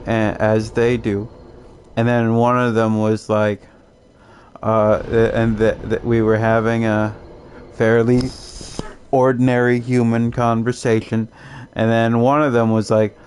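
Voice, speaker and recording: A man's voice: mid-range voice, slight background noise. A young man from Canada chatting casually while streaming a game, laid-back and rambling, often restarting his sentences and chuckling. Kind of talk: casual gaming commentary.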